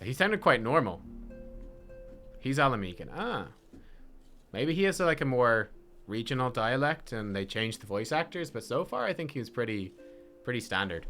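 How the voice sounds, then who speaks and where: A man's voice: medium pitch, sharp tone. A man giving casual let's-play commentary, rambling and self-deprecating as he thinks aloud. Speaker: gaming video creator.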